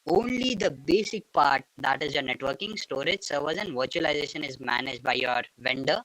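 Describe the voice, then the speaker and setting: A man's voice: fairly high pitch, expressive, normal speed, fairly bright tone, no echo, rough recording. A man teaching a tech lesson in a patient, explanatory way, often repeating stock phrases as he walks through each idea. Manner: patient, repeats filler phrases like "go ahead" and "and all those things". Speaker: instructor.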